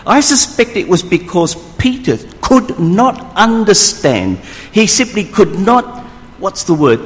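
A man's voice: high voice, slow pace. Man preaching animatedly in a reverberant hall. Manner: animated storytelling, acting out voices in the scene. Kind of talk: sermon.

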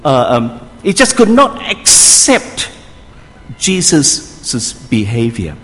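A man's voice: medium pitch, huge pitch swings, slow, a bit bright. A man preaching a sermon, telling the story vividly and acting out the voices of the people in it. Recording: long hall reverb.

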